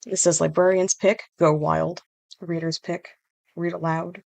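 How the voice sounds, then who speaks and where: Low-voiced woman author presenting her book. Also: little pitch movement, unhurried, creaky, a little mellow. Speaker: children's book author and illustrator.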